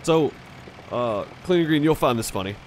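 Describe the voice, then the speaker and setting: A man's voice: mid-range voice, expressive, normal speed, slight background noise. A man telling rambling stories in casual chat while streaming a farming game. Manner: rambling, chatty, fillers and restarts. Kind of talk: casual storytelling over voice chat.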